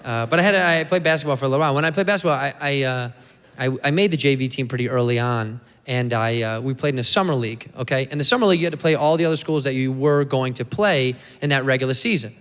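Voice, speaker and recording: A man's voice: mid-range voice, fast, a bit bright, clear, resonant tone, in a large hall. A man in his thirties doing a stand-up set, telling a story animatedly and putting on voices. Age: 30s. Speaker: stand-up comedian.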